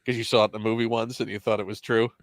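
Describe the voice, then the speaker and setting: A man's voice: fairly low pitch, little pitch movement, very fast, dry recording. A man with a General American accent hosting a casual chat in a wry, playfully teasing way. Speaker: host.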